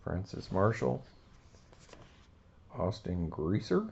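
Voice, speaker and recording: A man's voice: low voice, fairly even intonation, unhurried, vocal fry, pauses often, dark tone, highs cut off, slight background noise. A man hosting a casual card-opening video, talking in a rambling, laid-back way. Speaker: card-collecting channel host.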